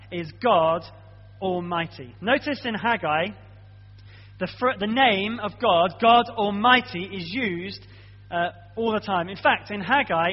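A man preaching a sermon in an earnest, conversational way, often checking in with his listeners. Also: high voice. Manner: earnest, conversational, frequent "okay?" check-ins. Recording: muffled sound with long hall reverb.

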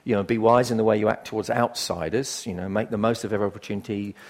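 An older man preaching a sermon in a conversational, emphatic way, swinging from quiet asides to loud bursts. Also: lowish voice, steady tone, fast.

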